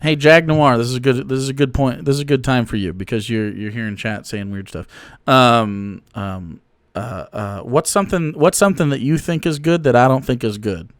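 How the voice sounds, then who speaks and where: A man's voice: mid-range voice, normal speed. A man streaming political commentary, mocking and heckling a clip with a lot of swearing.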